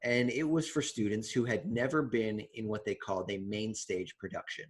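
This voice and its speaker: A young man co-hosting a podcast, telling stories in a relaxed, chatty way with many fillers and restarts. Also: fairly low pitch, normal speed, breathy edge. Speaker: podcast co-host. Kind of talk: casual chat.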